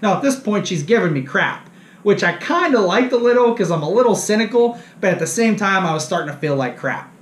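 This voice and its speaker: A fishing show host tells a story casually and with animation, poking fun at himself and acting out the dialogue. His voice sits high and he speaks briskly, with a roomy sound.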